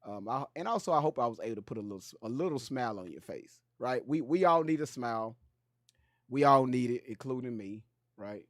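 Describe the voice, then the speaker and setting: A man hosting a commentary channel, talking in an animated, joking way full of slang and profanity. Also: medium pitch, a little fast, no echo, studio quality. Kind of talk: casual commentary.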